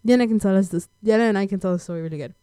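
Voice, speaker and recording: A woman's voice: medium pitch, racing, dark tone, clear, resonant tone, no room sound, studio quality. A young woman from the United States telling a personal story in a casual chat, slangy and laid-back, with lots of fillers.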